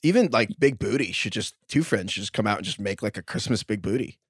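A man co-hosting a football podcast in casual chat, excitable, laughing often and stumbling over his words. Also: lowish voice, fast, slightly rough, no room sound, studio quality. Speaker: fantasy football podcast co-host.

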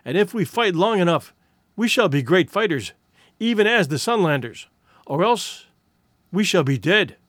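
A man's voice: sits high, very animated, normal speed, a bit bright, dry recording, studio quality. A man voicing a wounded male warrior who tells a grim story of battle with fierce, boastful proclamations.

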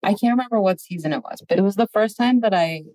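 A woman in her thirties telling a story as a podcast guest, deadpan and drawn out. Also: mid-range voice, no echo, poor audio. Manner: deadpan, drawn-out delivery, puts on voices in anecdotes. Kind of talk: casual chat, storytelling.

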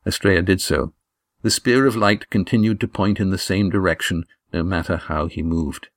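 Low-voiced male audiobook narrator. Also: no echo, studio quality. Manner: measured, even reading. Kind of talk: scripted narration.

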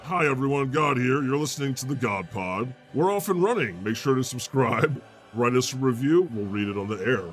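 A man hosting a comedy podcast as God, his pitch swooping widely as he jokes. He talks in a playful, mock-grand way, laughing often. Faint music plays behind him. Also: animated, normal speed. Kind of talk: improvised comedy banter.

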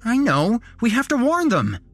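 A man voicing a panicked man who waves a shotgun and shouts in alarm during a horror story. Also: very high-pitched, wildly swooping pitch, normal speed, faint music behind, pitched above the performer's own voice, full character voice. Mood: urgent. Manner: shouting, frantic.

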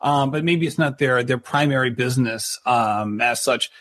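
A man hosting a podcast, chatty, often pausing to search for his words. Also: mid-range voice, fairly bright tone, no room sound. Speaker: podcast host. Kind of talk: casual interview questions and ad reads.

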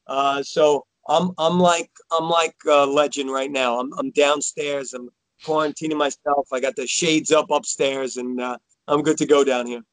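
A man talking casually as a podcast guest, halting and repeating himself, with bursts of enthusiasm. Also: medium pitch, a bit bright, no room sound. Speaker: podcast guest, school worker. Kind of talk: casual chat.

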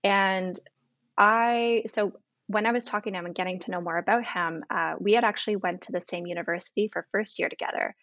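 A woman's voice: mid-range voice, steady tone, brisk, fairly bright tone, no echo. Young woman guest, storyteller, casual and chatty, dull dry sound. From Canada. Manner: chatty, full of "like" and quoted dialogue. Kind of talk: storytelling interview.

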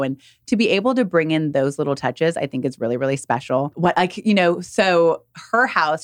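A woman's voice: low voice, dry recording, studio quality. A young woman, a professional organizer and podcast guest, talking casually and emotionally with many fillers. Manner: chatty and emotional, many fillers like "like" and "you know".

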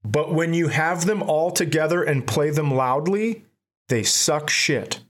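A man's voice: fairly high pitch, measured pace. Profane joking man telling stories. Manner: profane, laughs through his own stories. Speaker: podcast co-host. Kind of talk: casual comedic storytelling.

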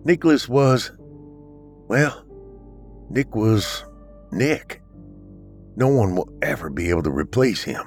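A man voicing a grieving ex-military brother who speaks earnestly and then in crisp commands. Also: mid-range voice, very animated, takes it slowly, pauses often, faint music behind, voice pushed up. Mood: tender grief.

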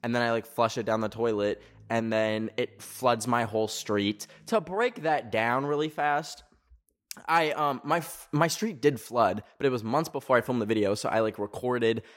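A man of middle pitch hosts a loose, chatty show from his garage. He rambles through stories with plenty of fillers and self-mocking asides. He sounds hot and sweaty. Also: moderate pace. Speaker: podcast host. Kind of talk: casual chat.

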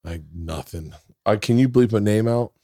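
A man in his forties tells a story in loose conversation, doubling back on himself and swearing freely. His voice sits fairly low. The recording is dry and close, with no room sound. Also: moderate pace, mellow, dry recording. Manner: rambling storytelling with frequent swearing and restarts. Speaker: podcast guest, comedian. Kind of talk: casual chat.

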